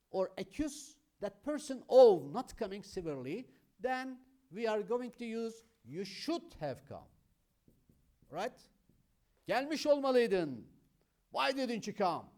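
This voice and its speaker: A man teaches English grammar in a high voice, speaking slowly. He explains emphatically through everyday examples and keeps addressing his students as friends. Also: dark tone. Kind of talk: grammar lesson.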